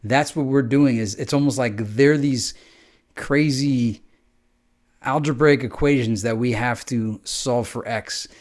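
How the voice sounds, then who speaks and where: A man's voice: mid-range voice, unhurried. Man rambling in a casual monologue. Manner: rambling, conversational, acts out quoted exchanges. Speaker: podcast host.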